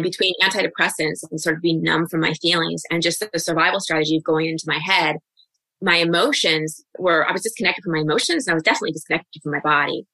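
A woman in her forties opens up in a podcast interview, reflective and candid, with quick asides. Her voice is bright and sits somewhat low. It is recorded dry and close on the mic. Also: dry recording. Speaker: guest coach.

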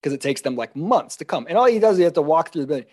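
Male podcast host, slightly higher voice, animated anecdotal delivery, casual chat. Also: racing. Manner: animated storyteller, acts out quotes with laughs.

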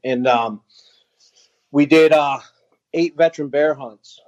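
A man telling a heartfelt story as a podcast guest, earnest and halting with many fillers. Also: a little high, darkish tone, dry recording, highs cut off. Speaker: guest, veteran nonprofit founder.

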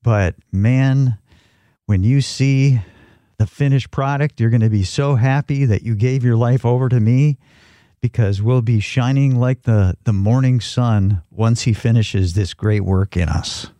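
A man's voice: mid-range voice, a little slow, warm tone, dry recording. A male host speaking earnestly in a reflective devotional talk and prayer.

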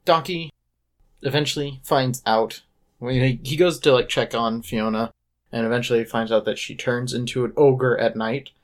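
A man hosting a laid-back podcast, recapping a show in an easygoing, mid-pitched voice. He keeps it lively, dropping into quick voices for the characters as he retells each scene. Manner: animated retelling, mimics characters' lines. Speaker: podcast host. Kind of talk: casual chat recapping a musical.

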